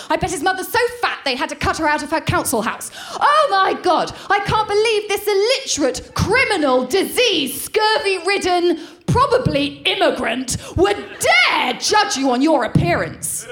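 Woman putting on a posh lady, gasping and outraged, squeaky high and swooping all over. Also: big pitch swings, normal speed, a bit bright, echoey room, heavily acted. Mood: scandalised. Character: shrill pearl-clutching middle-class woman friend.

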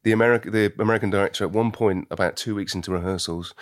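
A man's voice: on the low side, steady tone, rapid-fire, few pauses, dry recording, studio quality. A British actor in a casual interview, reflective and laughing easily, often restarting his sentences. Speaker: actor, guest.

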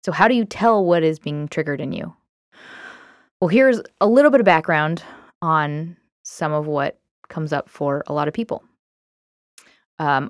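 A woman's voice: deep voice, no room sound, studio quality. A woman hosting a self-help podcast, talking in a candid, reflective way with many fillers. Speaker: podcast host. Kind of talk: casual self-help talk.

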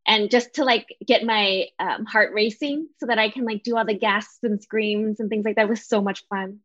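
Eager woman panelist, high voice, muffled audio. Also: fairly bright tone. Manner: enthusiastic, lots of fillers. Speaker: voice actor on an after show panel. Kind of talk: casual chat. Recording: dull lo-fi sound.

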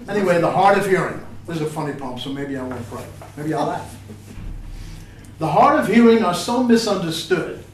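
An older man giving a poetry reading, chatting haltingly between poems and reciting them with feeling. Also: on the high side, a little hiss or hum. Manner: halting, filler-laden talk between expressive recitations. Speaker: poet. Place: reading venue with an audience. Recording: roomy echo, distant mic.

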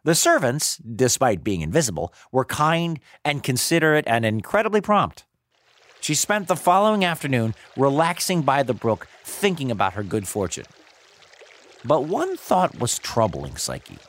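A man hosting and narrating a story in an expressive, playful manner. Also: medium pitch, moderate pace. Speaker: host and narrator.

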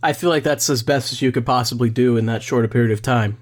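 A man's voice: medium pitch, fast talker. A young man co-hosting a comedy podcast, trading dry, sarcastic quips. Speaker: podcast co-host. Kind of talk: casual comedic podcast chat.

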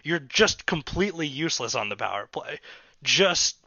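A man's voice: on the high side, sing-song, moderate pace, gravelly, bright, forceful tone, no echo, dull audio. A man co-hosting a casual sports podcast, talking emphatically and with frustration about his team. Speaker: podcast co-host.

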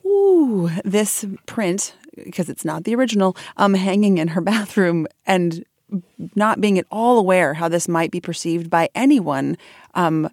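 A woman co-hosting a podcast, chatting casually in an animated, giggly way with lots of filler words. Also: lowish voice, measured pace, dry recording, clean studio sound.

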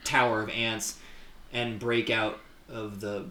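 A man from upstate New York co-hosting a podcast in casual chat, rambling and halting with many fillers. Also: on the low side, little pitch movement, roomy sound, heavy background noise. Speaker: podcast co-host.

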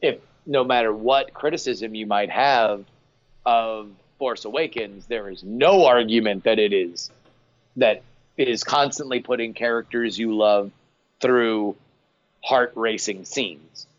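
A man guest on a podcast, giving animated, emphatic opinions in casual chat. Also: on the low side, unhurried, no room sound. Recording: dry, slightly dull sound.

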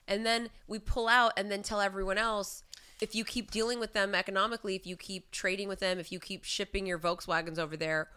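A woman's voice: medium pitch, steady tone, brisk, sharp tone, clear, resonant tone. A woman co-hosting a podcast, chiming in wryly and agreeing during a casual political chat. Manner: wry, agreeable, chimes in. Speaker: podcast co-host.

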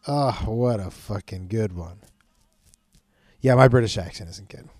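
Man, podcast host, mellow dark voice, dry close sound, loose profane rambling. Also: fairly low pitch, unhurried, no echo, soft background music. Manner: rambling, profane, self-mocking with bursts of laughter. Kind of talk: casual late-night podcast rambling.

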